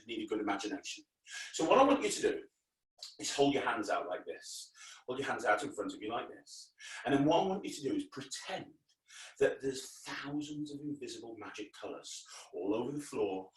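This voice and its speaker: Excitable children's magician, shouting. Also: male voice. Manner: animated, exaggerated, jumps to loud high shouts. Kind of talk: energetic comedy magic show for kids. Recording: echoey room, voice a bit far off.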